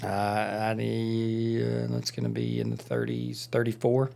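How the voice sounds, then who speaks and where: A man's voice: on the low side, very animated, slow pace, creaky, a little mellow. A man co-hosting a podcast, casually telling a rambling story with lots of fillers in a studio. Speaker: podcast co-host. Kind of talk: casual chat.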